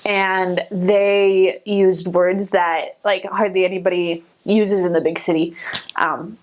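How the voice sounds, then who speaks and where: A young woman talking casually to camera about her missionary years. She tells her stories in a chatty way, full of filler words, and jumps up in pitch whenever she quotes someone. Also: level tone, takes it slowly. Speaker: returned missionary vlogger.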